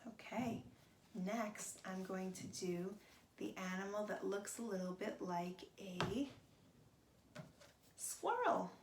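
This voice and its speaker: A woman teaching a children's craft, talking gently and in a sing-song way as if to young children. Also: mid-range voice, fairly even intonation, a little slow, roomy sound, a little hiss or hum.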